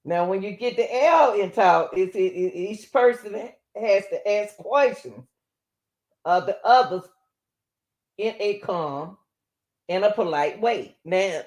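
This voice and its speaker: A woman host talking casually and explaining step by step as she comments on a recorded call. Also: medium pitch.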